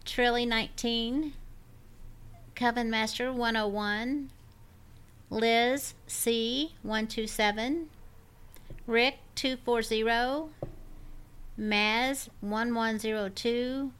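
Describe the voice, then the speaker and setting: A woman's voice: fairly high pitch, steady tone, extremely slow, long pauses, fairly bright tone, smooth. A woman co-hosting a podcast, chatting cheerfully and affectionately with listeners. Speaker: podcast co-host. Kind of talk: casual chat.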